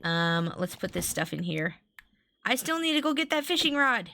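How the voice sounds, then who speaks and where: Speaking in a sing-song, medium-pitched voice with vocal fry, a woman plays a farming game on a live stream at a normal pace. Her pushed, bright delivery rambles as she restarts sentences, addresses viewers, and reads chat aloud. Faint game music and slight background noise sit under her voice.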